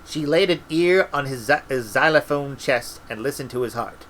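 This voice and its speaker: A man reading a story aloud in a relaxed way, with restarts and little asides. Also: medium pitch, normal speed, a little hiss or hum, poor audio. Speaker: audiobook reader.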